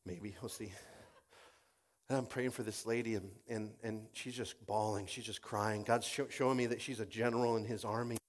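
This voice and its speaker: Preaching with vivid storytelling, this man acts out the voices of those he quotes, alternating between forceful loud moments and soft, quiet passages. He speaks at a moderate pace in a rather low voice.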